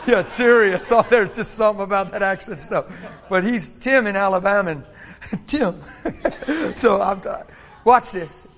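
A man from Pennsylvania preaches a sermon in a high voice. He swings between shouting and hushed near-whispers. He laughs often along the way.

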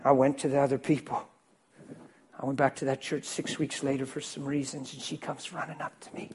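A man preaching as a pastor, telling a story to his congregation, swinging between loud bursts and hushed, quiet lines. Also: mid-range voice, little pitch movement, fairly quick, noisy background. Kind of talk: sermon storytelling.

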